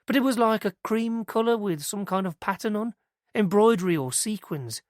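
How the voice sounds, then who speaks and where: A woman's voice: medium pitch, normal speed, a little mellow, no room sound, clean studio sound, pitched above the performer's own voice, natural voice. A man voicing a young woman who works at a nursery, telling what she saw in a chatty, hesitant, rambling way. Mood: earnest, unsure. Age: young adult. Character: young British nursery worker, eager, nervous.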